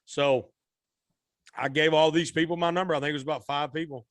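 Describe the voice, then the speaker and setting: A man's voice: a little high, fairly even intonation, a little fast, no echo. A man, a musician guest telling a rambling, folksy story in a podcast interview. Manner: rambling, repeats and restarts, Southern-style folksy speech.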